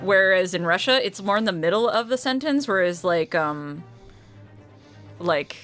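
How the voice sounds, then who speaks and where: A woman's voice: lowish voice, animated, measured pace, fairly bright tone, faint music behind. A woman streamer chatting casually and giggling while playing a game. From United States. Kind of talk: casual let's-play chat.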